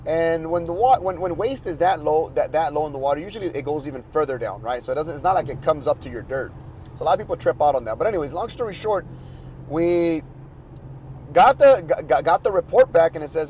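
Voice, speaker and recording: A man's voice: fairly high pitch, expressive, fairly quick, darkish tone, slight background noise, rough recording. A man hosting a podcast, telling a long frustrated story in a casual, rambling way with many restarts. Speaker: podcast host.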